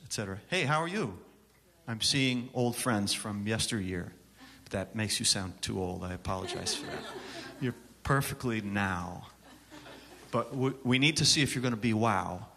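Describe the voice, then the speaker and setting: A man's voice: medium pitch, a bit bright, long reverb tail. A man in his fifties from upstate New York, giving a joking, chatty songwriting workshop in a church chapel and bantering with the audience. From Syracuse, New York, USA. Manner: wisecracking, self-deprecating, chatty with the audience. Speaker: songwriting teacher presenting a workshop. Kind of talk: joking conference workshop talk.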